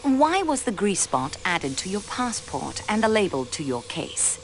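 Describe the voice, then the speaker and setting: A probing, polite amateur detective. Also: female voice, medium pitch, sing-song, unhurried, slight background noise, rough recording. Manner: polite, probing, with French courtesies. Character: young woman railway clerk acting as detective. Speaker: investigator questioning suspects. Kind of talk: voice acting in a video game.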